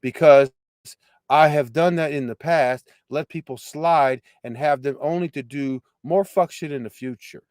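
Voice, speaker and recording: A man with a high voice runs his own show, tearing into a replayed clip with profane, mocking commentary. He hammers the same phrases over and over. The sound is dry, with no room echo. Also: measured pace, darkish tone. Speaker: show host reacting to a clip. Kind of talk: casual reaction commentary.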